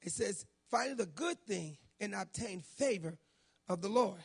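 Man, preacher, raspy high voice, folksy and emphatic, church sermon. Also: lively intonation, measured pace. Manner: folksy, emphatic, builds to shouting in prayer. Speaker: guest preacher. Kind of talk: sermon with scripture reading and prayer.

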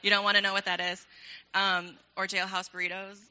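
A woman's voice: medium pitch, level tone, a little fast, sharp tone, smooth, highs cut off. A young woman leading a ministry program, addressing a church in a casual, enthusiastic, chatty way with frequent laughter.

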